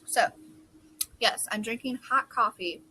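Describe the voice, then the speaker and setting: A young woman chatting casually and rambling on her front porch, a little hoarse from losing her voice. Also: a little high, unhurried, bright, forceful tone, low-quality recording. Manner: chatty, rambling, self-deprecating. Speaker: book vlogger. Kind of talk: casual chat. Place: covered front porch outdoors. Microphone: phone camera.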